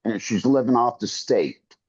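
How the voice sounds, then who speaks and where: A man calling in to a talk show, speaking in a halting, defensive way. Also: mid-range voice, animated, a little mellow, husky. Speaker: caller. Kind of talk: call-in discussion. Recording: dull lo-fi phone line.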